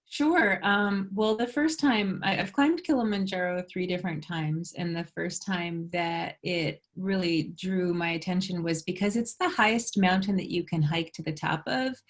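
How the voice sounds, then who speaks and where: A woman author being interviewed, easygoing and relaxed, with a few fillers and light laughs. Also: lowish voice, moderate pace, few pauses. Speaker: author guest.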